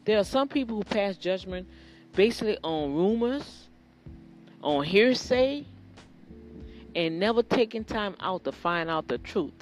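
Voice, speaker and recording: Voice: medium pitch, animated, unhurried, long pauses, soft background music. A preacher giving an informal sermon, earnest and addressing listeners directly, often repeating phrases.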